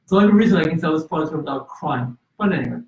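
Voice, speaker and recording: A man's voice: on the high side, expressive, racing, a little mellow. Earnest man telling his story, echoey room. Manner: earnest, with restarts and fillers. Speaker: guest. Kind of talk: storytelling in an interview. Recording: roomy, distant and slightly dull.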